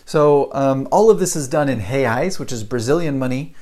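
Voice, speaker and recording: A man in his thirties hosting a podcast, telling a story casually to camera, animated, chuckling often and tossing in rhetorical questions. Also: medium pitch, normal speed. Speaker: podcast host.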